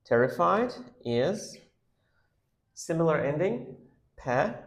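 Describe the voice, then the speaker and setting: A man's voice: fairly high pitch, very animated, slow, reverberant. A man teaching vocabulary, sounding out words syllable by syllable and stressing them. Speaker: English teacher. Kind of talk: vocabulary lesson.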